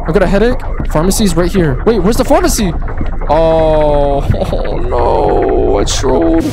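A man's voice: fairly high pitch, normal speed, creaky. Hyped guy playing a horror game, voice jumping way up and down, game music going underneath. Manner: excitable, trash-talks game characters, yells when startled. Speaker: gaming YouTuber. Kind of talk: let's play commentary. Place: home gaming setup.

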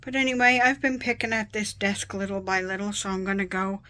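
A woman's voice: mid-range voice, a little fast, pushed and bright. A tired woman chatting casually at her desk at home, rambling and getting sidetracked as a vlogger. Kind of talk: casual chat.

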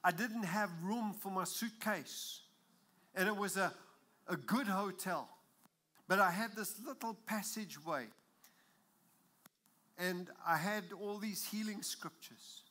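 Male preacher, high-pitched and bright, emphatic sermon delivery with loud peaks. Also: slow pace, pauses often. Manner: emphatic, rises to loud exclamations.

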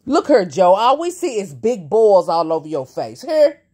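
A woman's voice: medium pitch, very animated, moderate pace, dark tone. A woman giving teasing, mocking reaction commentary and talking straight to her viewers. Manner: sassy, teasing, talks to viewers as y'all.

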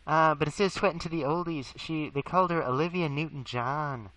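A man's voice: on the high side, brisk, pushed and bright, rough recording. A man talking casually to camera about wrestling shows he saw, rambling with lots of fillers and acting out the crowd's chants. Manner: chatty, many fillers, acts out crowd chants. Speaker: vlogger reviewing wrestling shows.

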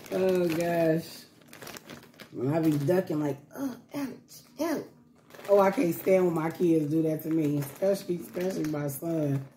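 Woman vlogger, chatty and repetitive, laughs easily; warm low voice, echoey home room. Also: a little slow, pauses often. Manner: chatty, repeats herself, laughs often. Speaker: vlogger caring for baby dolls. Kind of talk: casual chat to camera. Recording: echoey room with faint background noise.

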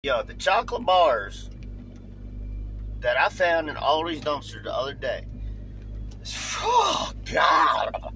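A man with a Southern drawl vlogging casually, rambling in a folksy, animated way. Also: a little high, unhurried, long pauses, slight background noise. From Virginia. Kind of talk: casual chat, vlogging while driving.

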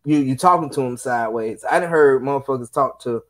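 Profane, animated man telling stories. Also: mid-range voice, fairly quick. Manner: profane, animated storytelling with quoted voices. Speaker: podcast co-host. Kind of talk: casual podcast chat.

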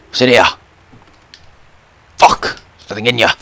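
A young man giving loud, profane let's play commentary, yelling and swearing at the game. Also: mid-range voice, unhurried, vocal fry. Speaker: gameplay commentator.

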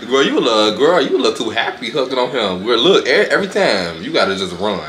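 A man's voice: mid-range voice, fairly quick, echoey room. Sassy, squealing male reaction commentator. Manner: animated, exclamatory, sassy running commentary with squealed outbursts. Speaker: reaction video host. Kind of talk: reaction commentary on fight highlights.

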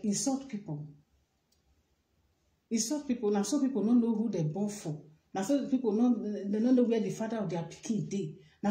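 Woman, Nigerian Pidgin English accent, vlogger, repetitive emphatic rant, mellow tone, echoey room. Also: mid-range voice. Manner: repetitive, emphatic, addressing someone directly. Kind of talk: direct-to-camera rant. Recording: roomy echo.

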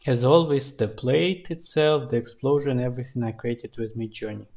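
Relaxed man narrating a game-dev tutorial. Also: medium pitch, moderate pace, creaky. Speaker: indie game developer. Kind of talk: screen-recorded tutorial narration.

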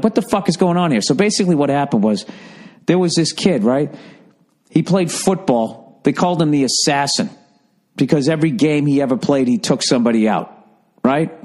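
With a voice on the high side and a little mellow, this man hosts a podcast, spinning a long, loose comic tale. He curses, goes off on tangents and fixes his wording partway through sentences.

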